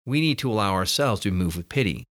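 Man, conversational sermon delivery, animated intonation, dead-dry close mic. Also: fairly low pitch, quick pace, dry recording. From North America. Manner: earnest, conversational, with restarts and rising emphasis. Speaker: preacher. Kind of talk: sermon-style podcast reflection.

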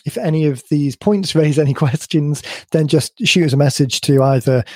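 Man, podcast host, croaky, mellow tone, dry sound, emphatic explainer. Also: a little high, moderate pace, no room sound. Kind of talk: conversational podcast discussion.

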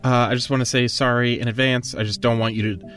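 A nervous teenage boy in a tabletop role-play, tripping over his apologies, played by a man in a mid-pitched, everyday voice. His speech comes in halting, rambling bursts, and faint music hums underneath. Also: level tone, fairly bright tone, recorded from a distance, natural voice. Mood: apologetic.

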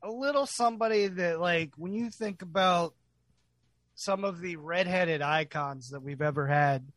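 A man's voice: sits high, unhurried, fairly bright tone, no room sound. A man co-hosting a podcast, chatting casually and enthusiastically, swearing and laughing often. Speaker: podcast co-host.

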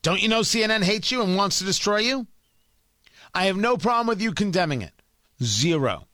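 A man's voice: high-pitched, lively intonation, a little fast, sharp tone, no room sound, clean studio sound. A man hosting a political commentary show, scolding and exasperated as he rants about his own side.

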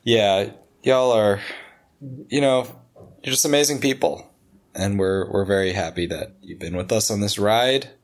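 A man co-hosting a podcast with excitable, slangy banter. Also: lowish voice, measured pace. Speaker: podcast co-host. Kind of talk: casual podcast chat.

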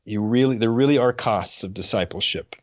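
A middle-aged man on a faith podcast, telling a personal story in an earnest, halting way and getting choked up. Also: fairly low pitch, no room sound. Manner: earnest, halting, with frequent restarts. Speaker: podcast co-host.

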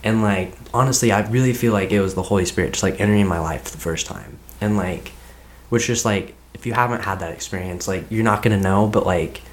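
A young adult man with a fairly low voice talks a little fast as a podcast guest. He tells a personal story in a rambling, casual way, leaning heavily on "like" as filler.

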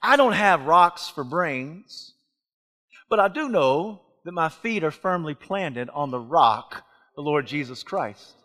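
A man preaching a sermon in a church, animated, asking rhetorical questions and swinging from hushed to shouting. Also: a little high, slow. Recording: long reverb of a large hall.

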